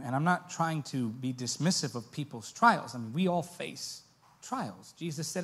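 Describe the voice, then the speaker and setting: A young adult man preaching a sermon, shifting from soft, hushed storytelling to loud, emphatic preaching. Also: a little high, big pitch swings, fairly quick, slightly rough.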